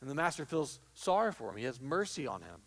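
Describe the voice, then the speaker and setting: A man's voice: medium pitch, sing-song, fast. A pastor giving a conversational sermon, acting out little quotes as he goes. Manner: conversational preaching with acted-out quotes. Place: church sanctuary.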